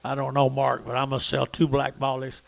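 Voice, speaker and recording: A man working as a livestock auctioneer, calling bids in a rapid rhythmic chant with quick asides to the crowd. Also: medium pitch, monotone, creaky. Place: cattle auction barn.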